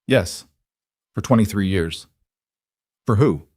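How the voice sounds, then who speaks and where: A man voicing a calm, guarded middle-aged protector in an audiobook, speaking flatly and without inflection. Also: on the low side, husky, no room sound, studio quality. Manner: flat, measured, unemotional. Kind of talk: audiobook character voice.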